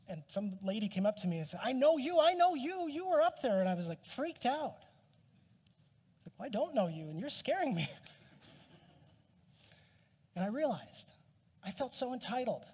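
A male pastor preaching with a fairly high, slightly husky voice. He keeps it conversational and pokes fun at himself. His words ring out with a long hall reverb behind them. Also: warm tone. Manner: conversational, self-deprecating humor. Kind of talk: sermon.

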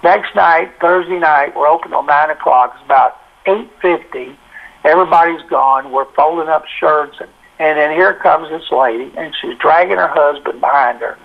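An older man spins a folksy yarn, acting out the dialogue as he goes. His voice sits a bit high and has a gravelly crackle. It comes through a tinny phone line. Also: moderate pace. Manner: folksy, animated retelling with quoted dialogue. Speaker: interview guest, sportswriter. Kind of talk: anecdotal storytelling.

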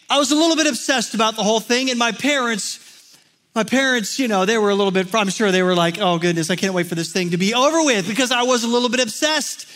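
Bright high-voiced man telling a story. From Texas. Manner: animated storyteller, acts out quotes, many fillers. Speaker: speaker. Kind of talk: storytelling talk.

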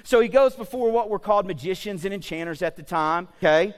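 Animated high-voiced male pastor preaching. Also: brisk, long reverb tail. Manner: animated, conversational, joking asides, repeats "okay?". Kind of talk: sermon.

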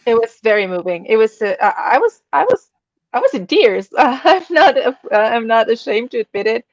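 A woman guest co-host on a podcast, speaking emotionally and haltingly and repeating words as she searches for them. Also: fairly high pitch, very animated, dry recording. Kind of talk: casual podcast chat. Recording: dull, dry lo-fi sound.

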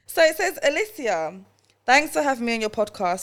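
A woman's voice: high voice, sing-song, brisk. Laughing woman hosting a podcast. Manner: warm, laughs often, emotional. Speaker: podcast host. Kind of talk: casual interview chat.

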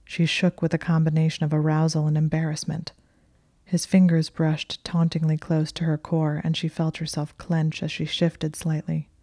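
A woman narrates a story in a slow, hushed whisper. Her voice sits low and dark, staying flat and even throughout. The recording is close and dry. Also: no echo.

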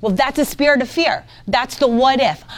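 Woman preacher, sermon, animated delivery, fairly high voice. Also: normal speed. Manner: animated, mocking quoted voices, rising to loud indignation.

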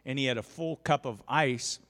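A man preaching a sermon as a pastor, telling a story with lively swings from quiet asides to shouting. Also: medium pitch, moderate pace. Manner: animated, shouts in storytelling peaks. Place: church sanctuary. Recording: long church reverb.

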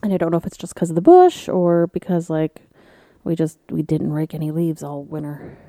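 A woman's voice: deep voice, expressive, moderate pace, warm tone, no echo, studio quality. A woman co-hosting a casual chat podcast, telling stories with swearing, laughs and funny voices. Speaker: podcast co-host.

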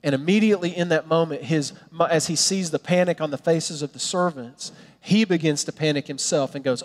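High-voiced pastor preaching in a reverberant hall. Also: male voice, brisk. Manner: animated storytelling, acting out characters' lines. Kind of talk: sermon.

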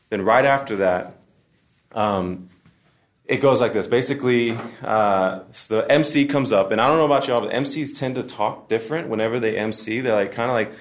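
A man speaking casually to a live audience at a forum, storytelling with humor and frequent restarts. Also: on the low side. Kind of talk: conversational talk to a live audience. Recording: roomy echo.

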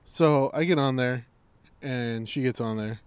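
His medium-pitched voice is clear and resonant, unhurried, with no room sound. In a casual chat, this man tells a profane, lively story, acting out the quotes of the people involved.

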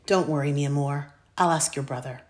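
A woman's voice: low voice, a little fast, a little mellow, close to an everyday voice. A woman voicing a caring mother who coaxes her son and drops Spanish endearments. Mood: coaxing. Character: warm bilingual mother, caring, persuasive.

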